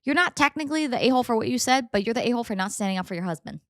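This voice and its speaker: A young adult woman hosting a podcast, reading stories aloud and reacting with animated, indignant, dramatic commentary. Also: a little high, very fast, dry recording, studio quality. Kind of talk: casual story reading and commentary.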